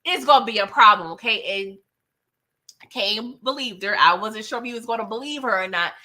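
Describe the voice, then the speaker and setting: A woman's voice: a little high, brisk, bright, forceful tone. A woman hosting a live recap of a TV episode, talking in casual, slangy chat with plenty of laughs and playful sass. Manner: slangy, laughs often, playful sass, acts out quoted dialogue. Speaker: TV recap host.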